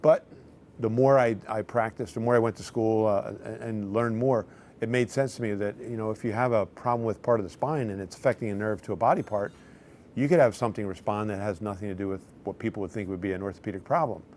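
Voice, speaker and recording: A middle-aged man, a chiropractor, talks fast to the camera as he recounts patient stories and acts out their quoted remarks. His voice is lowish and darkish, with fairly even intonation, and a little hiss or hum is audible.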